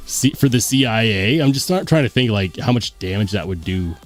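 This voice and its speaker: A man's voice: on the low side, brisk, soft background music. A man hosting a casual livestream, reading viewer comments aloud and chatting as he goes. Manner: lively, chatty, muses aloud. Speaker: host.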